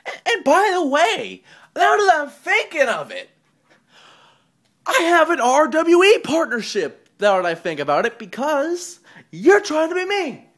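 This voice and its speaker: A man delivering a profane wrestling-style promo rant, taunting and mocking, swinging between loud jeers and low mutters. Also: big pitch swings, unhurried. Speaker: online wrestling promo host.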